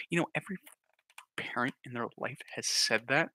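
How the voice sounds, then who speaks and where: A young man and YouTuber telling a comic story in an animated, jokey way. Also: mid-range voice, normal speed, no echo. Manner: animated, jokey, breaks off with laughter. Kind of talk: comedic storytelling.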